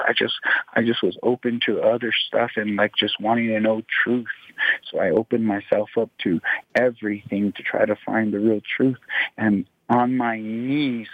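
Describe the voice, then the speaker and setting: A man telling a personal story as a radio show guest, talking in halting bursts with many repeated restarts. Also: fairly low pitch, gravelly, no echo. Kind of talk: emotional personal account. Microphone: phone. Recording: tinny phone line.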